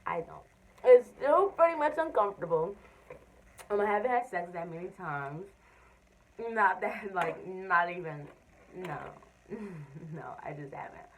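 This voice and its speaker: A young woman, telling an expressive story-time vlog and acting out what people said. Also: on the low side, unhurried, distant mic, a little hiss or hum, low-quality recording. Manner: animated, expressive storytelling with quoted voices. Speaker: vlogger.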